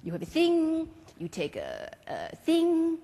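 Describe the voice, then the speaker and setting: A woman impersonating an older male French mime master with a French accent, instructing a student slowly and precisely, heard in a large reverberant hall. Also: extremely high pitch, wildly swooping pitch, warm tone, voice pushed up, heavily acted. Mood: instructive. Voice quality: slow, precise, accented delivery with French words.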